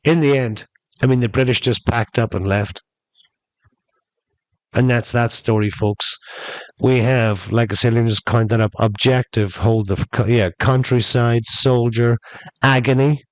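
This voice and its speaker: A man's voice: mid-range voice, fairly even intonation, a little slow, dry recording, poor audio. A man hosting a podcast, telling a long story in a rambling, chatty way and calling his listeners folks. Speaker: podcast host. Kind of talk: casual storytelling monologue.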